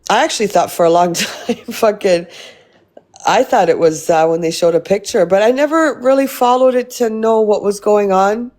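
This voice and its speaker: A woman hosts a casual live stream, reading and answering her viewers' comments. She talks in a blunt, rambling way and swears freely. Her voice sits at an ordinary mid pitch. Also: normal speed, a little mellow.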